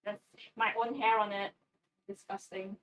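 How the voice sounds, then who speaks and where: A woman's voice: medium pitch, level tone, measured pace, muffled recording. Chatty woman streaming from her kitchen. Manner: chatty, rambling, swears casually. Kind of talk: casual livestream chat while baking. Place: home kitchen. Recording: distant mic with faint background noise.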